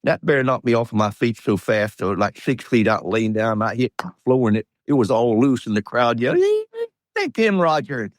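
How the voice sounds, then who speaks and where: A man's voice: mid-range voice, fairly quick, few pauses, no echo, clean studio sound. A man in his eighties from Georgia with a Southern accent, telling folksy, rambling stories as a guest in an interview. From Georgia, USA. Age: 80s. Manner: folksy rambling storyteller, chuckles. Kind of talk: storytelling interview.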